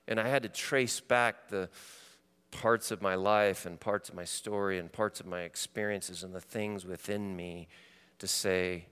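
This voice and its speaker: A man preaching a sermon to a congregation, swinging from loud animated stretches to quiet, intimate ones. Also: deep voice, a little slow, smooth, long reverb tail. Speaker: pastor.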